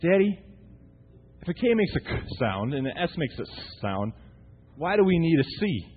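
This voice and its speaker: A man's voice: a little high, very animated, normal speed, husky. A man voicing a little girl who pesters her father with repetitive, whiny questions, heard through a tinny, echoey recording. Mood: pestering. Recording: tinny, echoey sanctuary sound.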